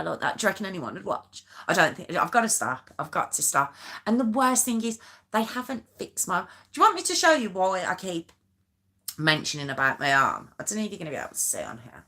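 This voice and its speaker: Bright, giggly woman streamer. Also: a little high. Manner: giggly, self-mocking and rambling. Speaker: true crime live-stream host. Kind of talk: casual live-stream chat with viewers.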